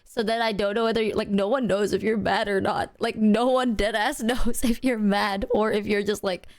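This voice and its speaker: A woman's voice: mid-range voice, normal speed. A woman streamer in casual chat, laughing often and talking animatedly. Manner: giggly, animated, acts out quotes.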